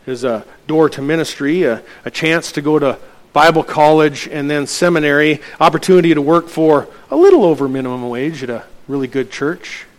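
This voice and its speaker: A man's voice: on the high side, animated, normal speed. A middle-aged man, a pastor telling a personal story from the pulpit in a sermon and acting out the dialogue.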